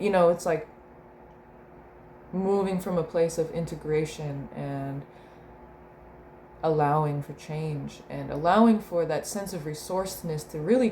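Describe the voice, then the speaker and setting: A woman's voice: sits low, measured pace, dark tone. A young woman and mother talking through a reflective spoken diary, meandering and searching for words, often breaking into laughter. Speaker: mother keeping a video diary. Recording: roomy echo with faint room noise.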